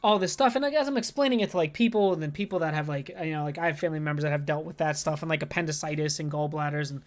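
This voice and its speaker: A podcast co-host with a slightly high voice and fairly even intonation talks rapid-fire. In casual storytelling, he recounts an anxious episode, rambling, swearing and saying "like" constantly as he gets worked up.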